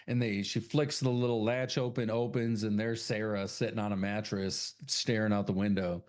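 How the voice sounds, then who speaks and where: Podcast guy recapping a horror movie, swears a lot, does quick little voices for the characters. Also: lowish voice, little pitch movement. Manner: retells the plot loosely, swearing, acting out the characters' lines. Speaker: podcast co-host. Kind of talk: casual movie recap chat.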